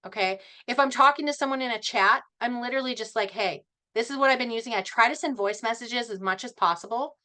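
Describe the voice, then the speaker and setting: A middle-aged woman speaking at a team meeting, animated and passionate, laughing often as she talks. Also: a little high, fast, hardly any pauses. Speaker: network marketing team member.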